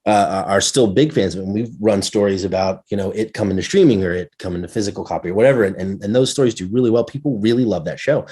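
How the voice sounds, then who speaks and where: Man, interview host, video call, lower-pitched voice, hesitant, halting. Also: mellow, husky. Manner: hesitant, halting, repeats words. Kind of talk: casual interview chat.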